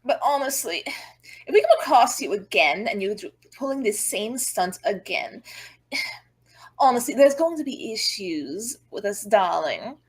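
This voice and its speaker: A woman's voice: medium pitch, sing-song, measured pace, husky. A woman playing a tabletop role-playing game, talking in character in a theatrical way and calling everyone darling. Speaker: player.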